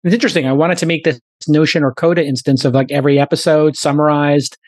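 A man's voice: on the high side, fairly even intonation, fast, darkish tone, no echo. Guy hosting a podcast, just riffing, close dry mic. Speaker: podcast host. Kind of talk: casual podcast chat.

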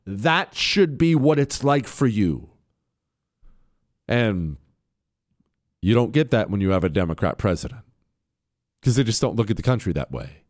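An American man hosting a show, giving emphatic, fervent political commentary with drawn-out stresses. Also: medium pitch, sing-song, no room sound, studio quality. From United States. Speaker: host.

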